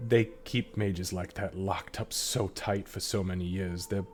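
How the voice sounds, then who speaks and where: Dude doing a bossy high priestess, slow and firm. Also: male voice, steady tone, slight background noise. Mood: composed. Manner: slow, imperious, raises voice. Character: stern commanding high priestess, woman.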